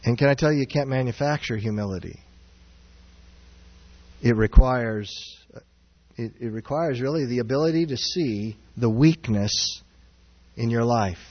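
A man preaching a sermon as pastor, earnest and searching, swinging from raised, near-shouted passages down to low, quiet ones. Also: a little slow, pauses often. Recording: dull sound with long hall reverb.

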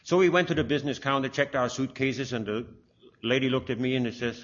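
An older man talks fast in a mid-range, fairly even voice as he relates a lengthy personal testimony. The recording is dull and lo-fi, and his storytelling wanders with fillers and restarts.

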